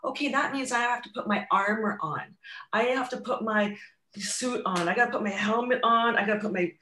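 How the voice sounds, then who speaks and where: Bright-voiced woman in an echoey room. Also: a little high, fairly quick, a little hiss or hum. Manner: earnest, reflective, restarts mid-thought. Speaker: guest sharing her cancer recovery. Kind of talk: candid personal storytelling.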